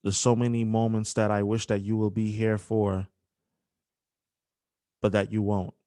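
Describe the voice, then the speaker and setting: A young man hosting a podcast, speaking emotionally with halting restarts and apologies. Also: lowish voice, little pitch movement, warm tone, no room sound, studio quality. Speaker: podcast host. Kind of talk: emotional podcast dedication and interview.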